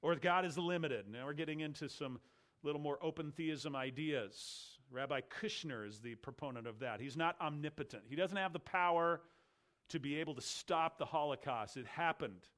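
A man preaching an explanatory sermon, stressing key words and slowing down for emphasis. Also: a little high, a bit bright.

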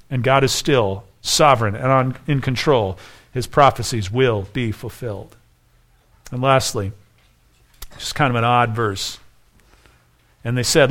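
A man's voice: medium pitch, a bit bright. A man preaching a sermon as pastor, earnest and conversational, often restarting his phrases.

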